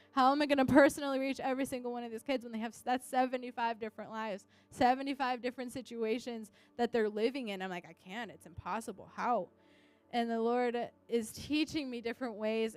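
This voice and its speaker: A woman's voice: on the high side, smooth. A young woman, an English teacher, earnestly sharing a personal testimony and acting out what people said. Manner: earnest storytelling, acting out quotes.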